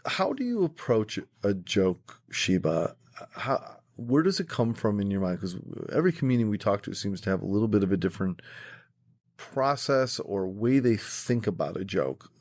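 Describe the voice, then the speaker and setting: A man co-hosting a podcast, asking the guest measured, thoughtful questions. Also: lowish voice, big pitch swings, a little mellow, no room sound. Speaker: podcast co-host. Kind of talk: casual interview chat.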